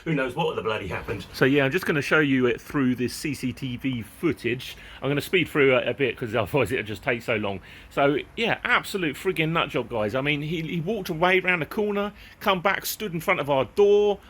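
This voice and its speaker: A middle-aged man, a vlogger recounting a story to camera in an excitable, chatty way, swearing mildly and chuckling. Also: on the high side, a little hiss or hum.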